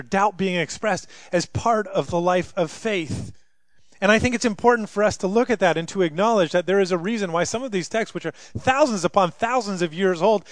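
Animated high-voiced male preacher. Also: no room sound. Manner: animated, dramatizes scripture voices, rising loudly for emphasis. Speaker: pastor. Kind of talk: sermon.

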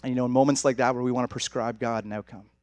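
Young pastor, male, chatty and direct with the congregation, talks fast, dry close mic. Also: mid-range voice, fairly even intonation, dry recording. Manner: conversational, direct, addresses audience as guys. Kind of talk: sermon.

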